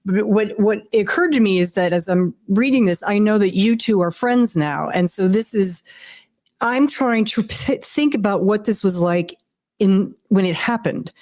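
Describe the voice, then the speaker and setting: A woman co-hosting a podcast, chatty and quick to laugh as she praises a guest. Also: medium pitch, a little mellow. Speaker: guest co-host. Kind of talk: casual interview chat.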